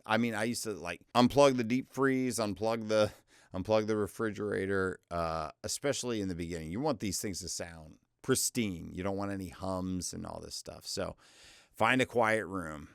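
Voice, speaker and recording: A man's voice: on the low side, moderate pace, vocal fry, smooth, dry recording, clean studio sound. A man in his forties coaching voiceover work in a loose, chatty, self-deprecating way, his voice often cracking. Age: 40s. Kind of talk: casual instructional talk.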